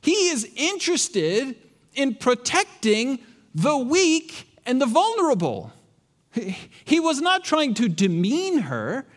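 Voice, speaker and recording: Animated preacher man, high lively voice. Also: takes it slowly. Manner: animated, sarcastic asides, rhetorical questions. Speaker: pastor. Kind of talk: sermon.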